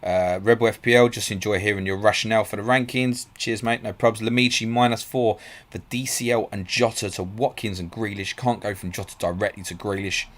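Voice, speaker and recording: A man hosting a live stream, reading out viewer questions and answering them quickly and bluntly. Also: on the low side, fairly even intonation, fairly bright tone. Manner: fast, blunt and matey, calls viewers mate. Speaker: podcast host.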